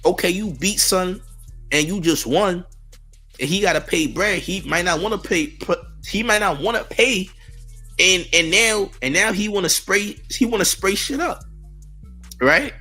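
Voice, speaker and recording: A man's voice: high voice, expressive, measured pace, bright, forceful tone, husky, faint music behind. A man hosting a news commentary channel, talking in a slangy, mocking way that riffs on and repeats phrases. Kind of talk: casual commentary on celebrity news.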